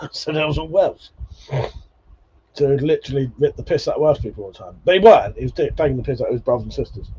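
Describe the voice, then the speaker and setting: A man's voice: mid-range voice, mellow, a little hiss or hum. Chatty man, swearing, dull audio. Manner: chatty, swears often, laughs between remarks. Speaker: livestream host. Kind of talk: casual chat reading viewer comments.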